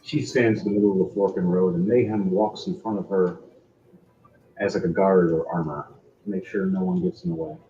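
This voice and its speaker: A man narrating as game master in halting, conversational phrases. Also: low-pitched, lively intonation, reverberant. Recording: dull lo-fi sound with faint music.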